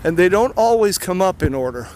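A man's voice: high voice, lively intonation, fairly quick, darkish tone. Breathless man talking while walking. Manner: rambling, many fillers. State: a little out of breath. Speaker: podcast host. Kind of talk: casual spoken introduction. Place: outdoors near traffic.

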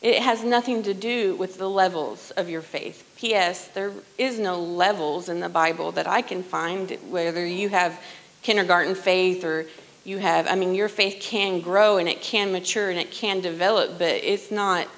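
Middle-aged woman telling her faith story at church, earnest, chatty, goes quiet and soft a lot. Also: on the low side, steady tone, normal speed, low-quality recording. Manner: earnest, conversational, often drops to a hushed tone when quoting. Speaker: worship leader sharing testimony. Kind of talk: personal testimony in church.

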